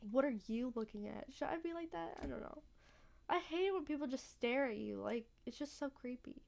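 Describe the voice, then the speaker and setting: A woman's voice: sits high, lively intonation, a little fast, gravelly, darkish tone. A woman casually commenting while playing a story game, chatty and blunt, filling her talk with "like". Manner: chatty, lots of "like", blunt reactions. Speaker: let's play gamer.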